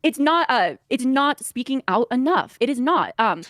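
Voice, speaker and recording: A woman's voice: high voice, very animated, moderate pace, fairly bright tone, no echo, clean studio sound. A woman in a podcast discussion who talks hesitantly, with many fillers, restarts and nervous laughs.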